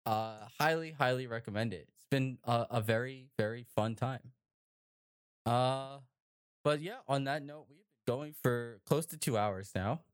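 A man hosting a casual group chat show, talking in an animated, rambling way with many fillers and tag questions. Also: medium pitch, measured pace, clear, resonant tone. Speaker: podcast host.

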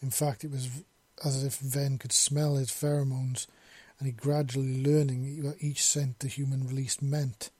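A man narrating a romance story in a quiet, intimate reading. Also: medium pitch, little pitch movement, normal speed, hardly any pauses, slightly rough, no echo.

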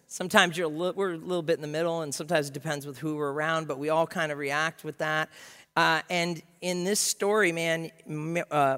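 Lively preaching man in a hall. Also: fairly high pitch. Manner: lively, humorous, acts out scenes. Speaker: pastor. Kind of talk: sermon.

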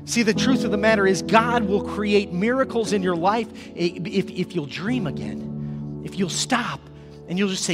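A male pastor preaching a sermon with passion, rising to loud calls and then dropping to a soft, intimate tone. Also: high-pitched, expressive, moderate pace, music in the background.

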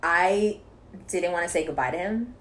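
A woman in casual chat, telling a story with animated bursts of laughing shouts. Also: lowish voice, normal speed.

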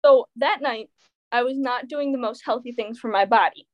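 A woman's voice: a little high, moderate pace. Chatty teen girl telling a story. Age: teens. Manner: animated storytelling, many fillers. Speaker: teen guest. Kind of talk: casual chat.

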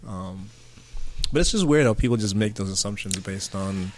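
A man's voice: on the low side, expressive, slight background noise. A man hosting a casual panel chat, talking in a loose way with plenty of fillers. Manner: quick, loose talk with many fillers.

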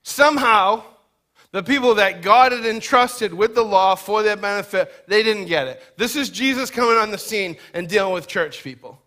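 A man preaching a sermon, emphatic, moving between loud urgent stress and quiet low passages, and acting out quoted voices in a casual way. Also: moderate pace. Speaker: pastor.

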